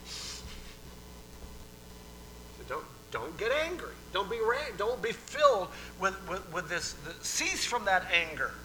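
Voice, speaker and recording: Conversational male preacher, fairly high voice. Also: big pitch swings, slow pace, pauses often, a little hiss or hum, rough recording. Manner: conversational preaching, swings from hushed to emphatic, repeats words. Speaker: pastor. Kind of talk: sermon.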